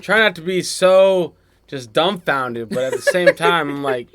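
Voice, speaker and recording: A man's voice: fairly high pitch, lively intonation, a little slow, a bit bright. An American man co-hosting a reaction video, laid-back with short agreeing replies. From United States. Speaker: co-host of a reaction channel. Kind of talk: casual reaction chat.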